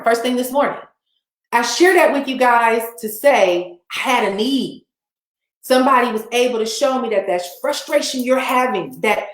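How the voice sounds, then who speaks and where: A woman business coach telling a motivational story in an energetic, emphatic way, repeating her key phrases. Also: on the high side. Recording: echoey room.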